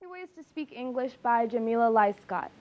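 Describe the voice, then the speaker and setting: A woman's voice: a little high, animated, normal speed, muffled recording. A young woman performing spoken word poetry with a rhythmic, emphatic, dramatic delivery. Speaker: student poetry reciter.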